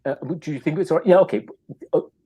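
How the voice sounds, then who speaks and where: A man's voice: on the high side, fast, dark tone, a little hiss or hum, pitched above the performer's own voice, lightly acted. A man voicing a groggy, flustered man woken by a late-night phone call, apologizing and stammering.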